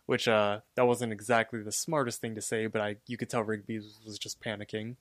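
A man's voice: medium pitch, a little fast, dry recording. Dry-voiced podcast guy recapping casually. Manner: relaxed, filler-heavy storytelling. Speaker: podcast co-host.

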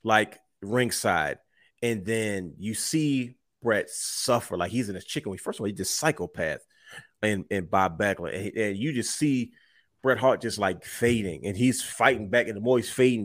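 A man's voice: fairly low pitch, normal speed, dry recording, studio quality. A man co-hosting a casual wrestling podcast, retelling matches with acted-out quotes. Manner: animated storyteller, acts out quotes. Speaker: podcast co-host.

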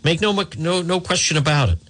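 A man's voice: on the high side, brisk, a loud crowd. A man hosting a talk radio show, arguing combatively, repeating points and firing rhetorical questions. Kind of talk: opinionated talk radio monologue.

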